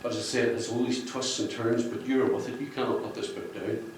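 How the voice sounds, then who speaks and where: A man's voice: mid-range voice, fairly even intonation, a little fast. A man talks to a roomful of people. He rambles and jokes, and he laughs at his own jokes. He is picked up from a distance in a heavily reverberant room with a faint hum of ambience behind him. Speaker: book cover artist speaking at a launch. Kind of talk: public speech to an audience. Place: function room with an audience. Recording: echoey room, distant mic.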